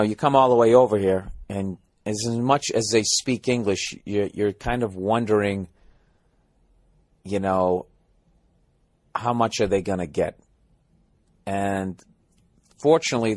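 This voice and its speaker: A man's voice: lowish voice, no room sound. An American man hosting a podcast in a hotel room, ranting in a sarcastic, profane comedic monologue. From United States. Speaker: podcast host.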